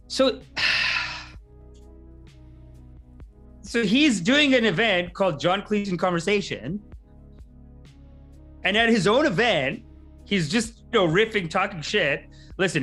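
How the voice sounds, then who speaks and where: Male comic host, slightly high voice, casual rambling riffs full of asides. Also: lively intonation, bright, forceful tone, soft background music. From Canada. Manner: rambling, tangent-prone, quick asides. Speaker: podcast host, comedian. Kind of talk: casual comedic monologue.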